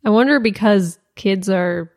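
A woman hosting a podcast in casual chat, playful and jokey, quick to laugh. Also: mid-range voice, a little mellow. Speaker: podcast host.

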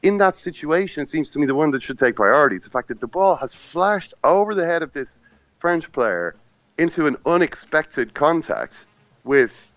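Man, football podcast chat, lively pitch, dry and slightly dull sound. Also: dry recording. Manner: animated, acts out players and referee in quick asides. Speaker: football pundit at the final.

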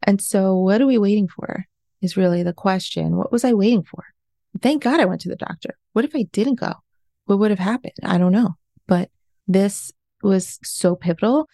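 In a studio-quality recording with no room sound, a life coach in her forties recounts her personal story during an interview. She speaks at normal speed and medium pitch, with vocal fry and a dark tone. Her manner is earnest and confessional, and she questions herself as she goes.

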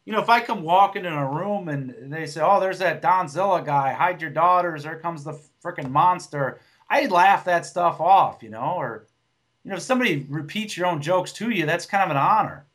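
A man's voice: fairly high pitch, moderate pace, fairly bright tone. A man who does stand-up, chatting on a podcast in a blunt, rambling way with lots of swearing and restarts. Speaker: podcast co-host, stand-up comic. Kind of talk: casual podcast chat.

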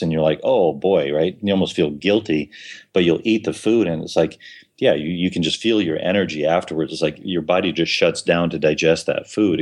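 Deep voiced guy on a podcast, keeps restarting sentences, chatty. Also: darkish tone. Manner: repeats words, many restarts and fillers. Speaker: guest. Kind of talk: casual podcast conversation.

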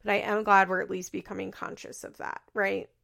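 A woman's voice: mid-range voice, flat delivery, fairly quick, vocal fry, fairly bright tone. A woman hosting a podcast, recapping a reality show in casual chat. She talks in a chatty way, fills her sentences with "like" and laughs often.

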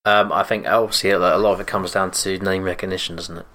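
A man's voice: sits low, level tone, fast talker, sharp tone. A man with an English accent in casual podcast chat, talking hesitantly with many restarts. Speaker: podcast co-host.

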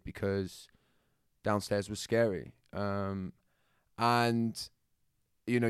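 A man with a Bristol accent, a podcast guest calmly telling his life story, thoughtful and halting with fillers. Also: lowish voice, clear, resonant tone, dry recording, clean studio sound. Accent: Bristol English. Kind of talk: reflective storytelling.

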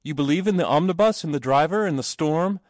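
A man's voice: on the high side, fast, darkish tone, no room sound, studio quality, voice pushed up, natural voice. A man voicing an earnest young boy who pleads to be believed.

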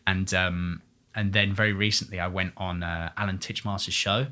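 A man chatting casually, telling lively stories about stage work and gardening. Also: sits low, moderate pace. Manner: animated storyteller, acts out quotes. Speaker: musical theatre actor. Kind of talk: casual chat.

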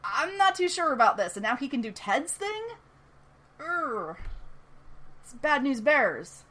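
A man's voice: very high-pitched, very animated, unhurried, sharp tone, pitched above the performer's own voice, full character voice. A woman voicing a jittery young male hero who is worried about a fight ahead. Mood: nervous.

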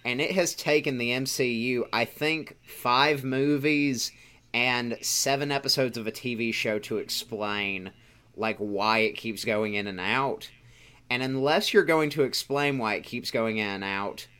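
A man's voice: medium pitch, a little slow, sharp tone, clean tone. A man in casual chat, arguing his opinions firmly as a podcast co-host. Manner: opinionated, argumentative.

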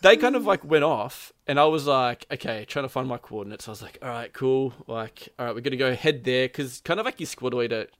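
A man's voice: mid-range voice, animated, a little fast, hardly any pauses, no room sound, clean studio sound. A man telling a gaming story in casual chat, rambling with lots of "like" and frequent laughs. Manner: rambling, says "like" constantly, laughs often, acts out quotes.

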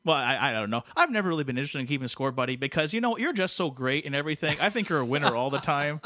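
A man's voice: a little high, animated, rapid-fire, sharp tone, no room sound, clean studio sound. A man co-hosting a podcast, rambling and teasing in a comedic persona. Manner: rambling, teasing, calls people buddy. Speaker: podcast co-host. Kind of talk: comedic chat in a silly persona.

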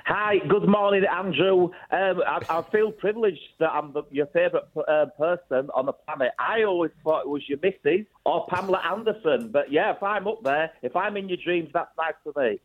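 A man's voice: a little high, fairly quick, hardly any pauses. A man, a comedian guest chatting playfully down the phone. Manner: jokey, playful. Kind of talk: casual phone chat. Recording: tinny phone line.

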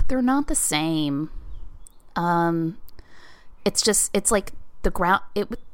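A woman chatting casually on a podcast, animated and talkative with many fillers. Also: fairly low pitch, slow pace, clear, resonant tone.

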